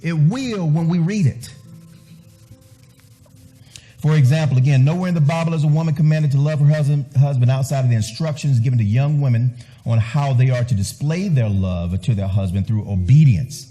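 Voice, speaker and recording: Male pastor, sermon, emphatic, repeats phrases, mellow tone, faint music behind. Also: mid-range voice, fairly quick.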